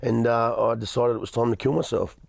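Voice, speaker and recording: A man's voice: medium pitch, steady tone, a little fast, vocal fry, no room sound, studio quality. An Australian man in his thirties giving an earnest personal testimony in an interview, often stammering and restarting. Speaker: interview guest.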